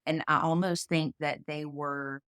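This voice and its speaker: A woman's voice: low voice, measured pace, clear, resonant tone, dry recording, studio quality. A woman, telling folksy family stories as a podcast guest and acting out the people she quotes. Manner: folksy, animated storytelling, acts out quoted voices. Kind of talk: storytelling interview.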